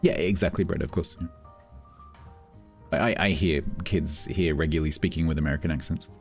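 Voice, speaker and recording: Deep-voiced Londoner chatting on stream. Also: male voice, brisk. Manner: chatty, explanatory, many restarts. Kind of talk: casual chat with stream chat. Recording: faint background music.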